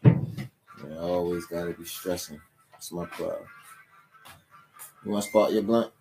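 A woman's voice: extremely low pitch, fairly even intonation, a little slow, dark tone, a little hiss or hum. A woman hosting a podcast, talking in a loose, profane, streetwise ramble during a casual livestream. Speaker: podcast host. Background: music playing.

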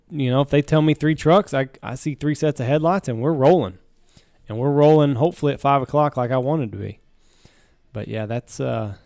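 Smooth-voiced man, dry close mic. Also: medium pitch, darkish tone, no echo. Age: middle-aged. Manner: reactive, laughs along, profane asides. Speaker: podcast co-host. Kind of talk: casual chat.

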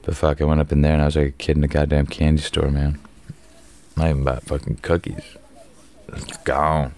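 A young man hosts his own podcast and talks alone in a loose, profane, rambling way. His voice sits very low and stays smooth and resonant. Now and then he breaks into sudden loud bursts. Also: little pitch movement, quick pace. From Canada. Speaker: podcast host. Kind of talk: casual solo podcast monologue.

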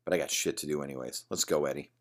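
A man's voice: extremely low pitch, fairly even intonation, racing. A man reading the part of a crude, taunting bully in a bar. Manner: taunting, sneering.

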